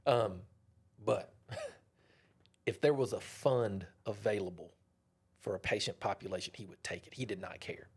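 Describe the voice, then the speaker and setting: A man, a dentist guest on an interview show, telling a story in a casual, animated way. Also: on the low side, moderate pace, vocal fry, long pauses, breathy edge. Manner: animated, acts out others' voices.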